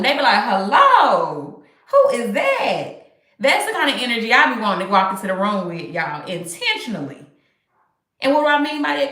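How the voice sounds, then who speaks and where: An upbeat, animated woman hosting a casual live stream from home, talking straight to her viewers. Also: a little high. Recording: echoey room.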